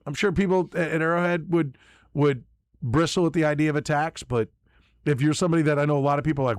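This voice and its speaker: Emphatic higher-voiced sports radio host. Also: male voice, rapid-fire, no room sound, clean studio sound. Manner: emphatic, repeats words when starting a point. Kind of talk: sports talk radio opinion. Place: radio studio. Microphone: studio microphone.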